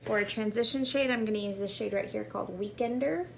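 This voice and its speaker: A woman's voice: mid-range voice, fast talker, creaky, slight background noise. A woman vlogging a casual makeup tutorial at home, chatting upbeat about each product as she goes. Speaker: beauty vlogger.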